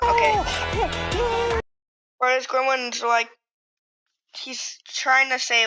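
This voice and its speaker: Speaking slowly with long pauses, a young woman with a high-sitting voice mocks a video she's reacting to. She swears nonstop and laughs a lot, while loud music from the video plays behind her.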